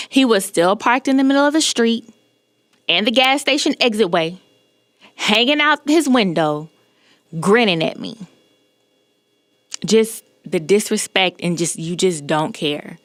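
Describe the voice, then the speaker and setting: A woman hosting a podcast, telling a personal story in an emphatic, animated way and often checking in with the listener. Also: mid-range voice, no room sound. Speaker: podcast host.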